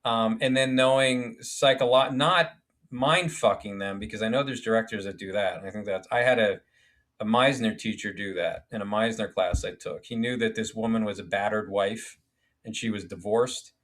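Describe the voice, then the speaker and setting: A man's voice: on the low side, steady tone, moderate pace, a bit bright. A man, a filmmaker guest on a podcast, telling stories animatedly, acting out quotes and swearing casually. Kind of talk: podcast storytelling.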